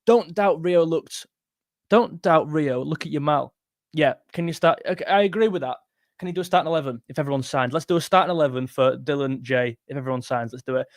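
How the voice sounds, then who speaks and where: A young man talks through his picks on a live stream, quick and opinionated, restarting sentences as he goes. His voice sits a little higher than most men's and is recorded close and dry, with no room sound around it. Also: no room sound. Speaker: football channel host. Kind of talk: live-stream chat reading super chats.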